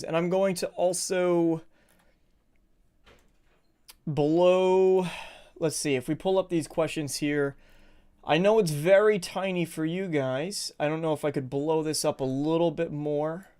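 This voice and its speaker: A male streamer talking casually into a desk mic, a touch out of breath. His voice sits somewhat high for a man and comes through smooth and clear. He rambles warmly through greetings and setup. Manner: chatty, rambling, greets viewers by name. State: a little out of breath. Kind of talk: casual live stream chat.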